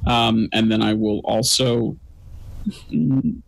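A man's voice: on the low side, little pitch movement, takes it slowly, vocal fry, poor audio. A man playing a tabletop game, talking casually with lots of fillers. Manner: casual, filler-heavy and good-humored. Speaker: player.

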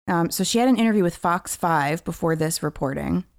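A woman's voice: fairly low pitch, expressive, brisk, vocal fry. Woman co-host in casual chat. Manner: reads news aloud, then quips. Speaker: podcast co-host.

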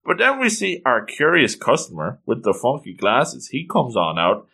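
Animated man retelling a story. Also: medium pitch, moderate pace, vocal fry, few pauses, breathy edge. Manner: animated, keeps exclaiming and reacting. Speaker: reader and reactor. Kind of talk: storytelling recap of a comic.

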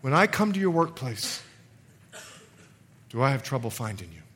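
A middle-aged man, a pastor, preaching a sermon in an animated way, acting out quotes and laughing often. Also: medium pitch, normal speed, slight background noise.

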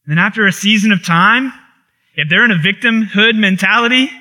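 A man's voice: high voice, brisk, sharp tone. A man preaching a sermon, impassioned and repetitive, building intensity on key phrases. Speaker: pastor.

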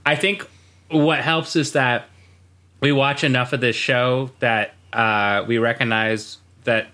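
A man's voice: mid-range voice, fairly even intonation, slow, bright, forceful tone. A man co-hosting a podcast in casual chat, rambling and laughing at his own jokes. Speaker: podcast co-host.

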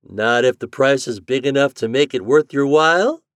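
A man playing a brisk, persuasive gentleman. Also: medium pitch, no echo, clean studio sound, pitched above the performer's own voice, natural voice. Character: well-dressed smooth-talking gentleman, man.

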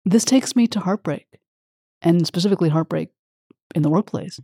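A woman's voice: lowish voice, moderate pace, vocal fry, dark tone, husky, dry recording, clean studio sound. A woman hosting an interview, openly emotional and affirming toward her guest. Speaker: host. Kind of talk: interview conversation.

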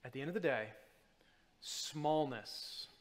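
A man's voice: fairly high pitch, lively intonation, takes it slowly, big-room sound. A man giving a sermon as a guest preacher, talking casually with many fillers and restarts. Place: church.

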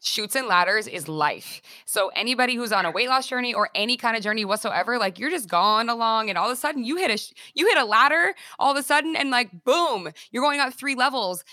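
A woman's voice: on the high side, expressive, brisk, few pauses, bright, forceful tone, no echo, studio quality. A woman host and fitness instructor chatting casually, full of fillers and fond of analogies. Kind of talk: casual interview chat.

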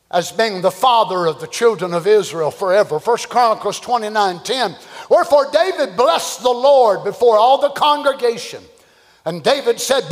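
High-voiced preacher in a reverberant hall. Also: male voice. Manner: dramatic preaching, dropping to hushed tones for quoted words. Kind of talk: sermon.

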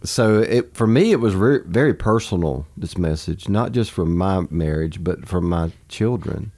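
A pastor in his forties chats about family in a low, gravelly voice. His tone is mellow and unhurried, earnest and reflective, and he laughs easily. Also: expressive. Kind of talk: casual conversation.

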